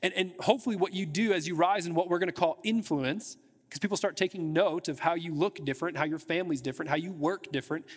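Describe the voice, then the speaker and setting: A man with a high voice preaching a sermon in a casual, conversational way. He restarts his phrases often and sprinkles in filler words as he talks to the congregation. His voice rings with the long reverb of a church hall. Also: fast talker, husky. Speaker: pastor. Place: church sanctuary.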